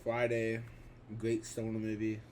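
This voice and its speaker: A man's voice: lowish voice, monotone, unhurried, a little mellow, slight background noise. Young man rambling about his film collection. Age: 20s. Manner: rambling, offhand, with restarts and fillers. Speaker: vlogger. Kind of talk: casual commentary on a film collection.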